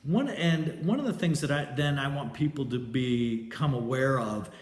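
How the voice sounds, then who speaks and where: A man's voice: medium pitch, expressive, normal speed, roomy sound. A man teaching a poetry class in a casual lecture style, hesitant and loose, with many fillers and restarts. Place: classroom with a chalkboard.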